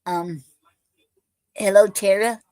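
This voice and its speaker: A woman's voice: medium pitch, steady tone, mellow, no room sound, poor audio. Woman hosting a poetry show, dry sound. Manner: unhurried, with many fillers and pauses between readings. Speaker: host of a poetry livestream. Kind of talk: hosting and reading her own poems aloud.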